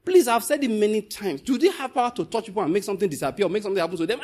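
Male pastor, high-pitched and husky, animated sermon delivery. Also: rapid-fire, few pauses. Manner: animated, swings from loud scolding to low storytelling. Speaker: preacher.

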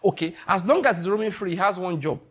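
A middle-aged Nigerian man preaches with a husky, slightly high voice. He is emphatic, keeps asking his listeners whether they follow, and acts out little everyday scenes. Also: expressive, fast talker. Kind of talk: sermon.

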